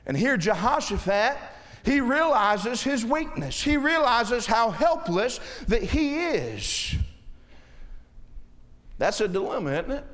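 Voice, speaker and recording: A man in his thirties preaching a sermon, impassioned and folksy, often rising to shouts as he speaks straight to the congregation. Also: very high-pitched, very animated, slow pace, in a large hall. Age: 30s. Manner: folksy, addresses the congregation directly.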